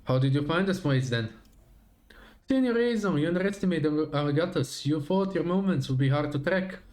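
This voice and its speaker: A man's voice: fairly high pitch, lively intonation, brisk, a little mellow, close to an everyday voice. A man reading a teasing church agent. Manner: playful, teasing. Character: breezy young male church agent, teasing.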